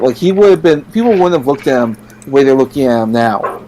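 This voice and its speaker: Halting Canadian man in podcast chat. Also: a little high, expressive, darkish tone, a little hiss or hum, low-quality recording. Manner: halting, many restarts, quick bursts. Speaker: podcast co-host. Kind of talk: casual chat.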